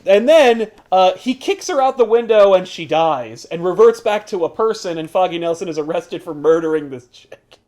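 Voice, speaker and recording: Dude on a podcast telling a comic plot, bit high voiced, swears a lot, says like constantly. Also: male voice, normal speed, hardly any pauses. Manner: animated storyteller, swears freely, many filler "likes". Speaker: podcast co-host recapping a comic. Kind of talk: casual chat.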